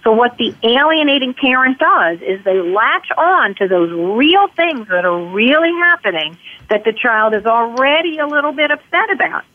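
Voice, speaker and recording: A woman guest expert giving earnest explanatory answers in an interview, slipping into short quoted lines to illustrate her points. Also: on the high side. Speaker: guest expert on parental alienation. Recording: tinny phone line.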